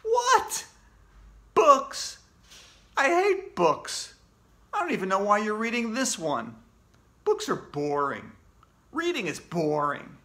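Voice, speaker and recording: A man voicing an excitable schoolboy who hates reading, loud and whiny. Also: high voice, moderate pace, voice pushed up, full character voice. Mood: excited, outraged.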